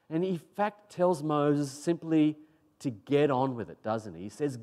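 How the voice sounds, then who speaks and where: A man's voice: a little high, measured pace, dark tone. A man preaching from the pulpit in a slightly raised voice. He keeps his delivery casual and emphatic and repeats phrases to drive points home. The tone is a plain, everyday talk to a congregation. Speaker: pastor. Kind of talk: sermon.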